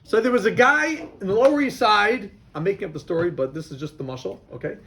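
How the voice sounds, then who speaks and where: A man's voice: high-pitched, fast talker, a bit bright. A man, a rabbi, teaching a class of boys and telling them a story, often repeating himself.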